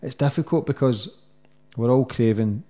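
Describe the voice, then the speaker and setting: A man's voice: medium pitch, normal speed, warm tone. A man hosting a podcast, blunt and swearing freely in casual chat. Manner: blunt, swears freely, gives short encouraging remarks. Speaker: podcast host.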